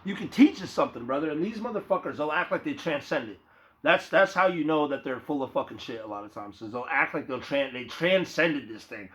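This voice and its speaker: Expressive and a little fast, a young man with a fairly high, fairly bright voice delivers a rambling vlog monologue to his viewers. He's loose, slangy and profane, calls the viewer "bro," and the phone captures it in dull lo-fi audio.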